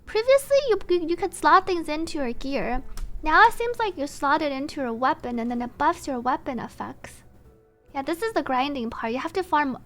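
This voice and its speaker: Very high-pitched, bright woman streamer. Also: moderate pace, soft background music. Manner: thinks aloud, excitable, giggly. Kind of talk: casual gameplay commentary.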